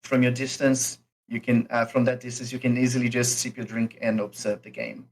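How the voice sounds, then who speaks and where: A man's voice: mid-range voice, little pitch movement, poor audio. A man narrating as game master of a tabletop game, with lots of uh and um fillers. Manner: slow, unhurried narration with many fillers.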